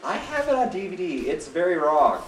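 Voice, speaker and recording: A man riffing over gameplay, his pitch leaping around as he jokes and rambles. He sounds set back from the mic in an echoey room with some faint hiss behind him. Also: very animated, a little fast, far from the mic. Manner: jokey, rambling, laughs often. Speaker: gaming video co-host. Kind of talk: casual gameplay chat.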